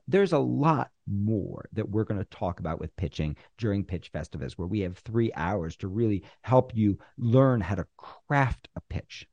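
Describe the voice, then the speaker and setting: A man teaching screenwriters how to pitch, acting out both sides of a pitch meeting and pausing on purpose. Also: creaky, dark tone, no room sound, muffled recording. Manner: uses deliberate pauses. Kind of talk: instructional talk.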